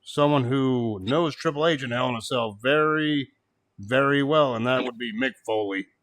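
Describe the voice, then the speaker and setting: Bright-voiced man swearing through a wrestling recap. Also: medium pitch, moderate pace. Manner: animated, swears, laughs often, mocks quotes. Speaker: podcast co-host. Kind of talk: casual wrestling review chat.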